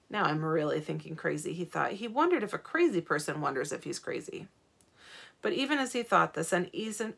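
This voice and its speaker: Woman, read-aloud narration, slight vocal fry, medium pitch, calm and steady.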